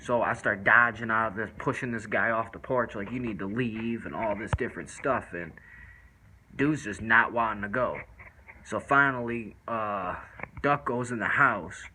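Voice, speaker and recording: A man's voice: fairly low pitch, normal speed, bright, forceful tone, slight background noise, rough recording. A man casually telling a first-person story in loose, rambling street slang with lots of fillers.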